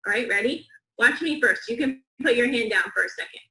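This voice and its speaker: A woman teaching young students a phonics lesson, slow, clear and encouraging, with call-and-response counting. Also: a little high, expressive, bright, forceful tone, echoey room, low-quality recording.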